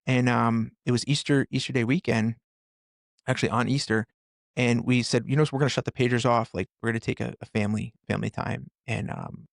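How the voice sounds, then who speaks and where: An earnest middle-aged man tells his story in a gravelly voice, stopping and starting as he goes. He sits close to the mic, with a dry sound. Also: medium pitch, steady tone, no echo. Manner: earnest, halting, with many restarts. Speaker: podcast guest, firefighter and author. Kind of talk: storytelling in a conversation.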